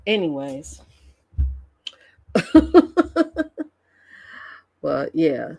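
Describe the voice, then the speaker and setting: Low, slow-talking gossipy woman streamer. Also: expressive, vocal fry, breathy edge, no echo. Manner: gossipy, laughs often, drawn-out slangy commentary. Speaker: streamer reacting to online drama. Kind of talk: casual live-stream chat.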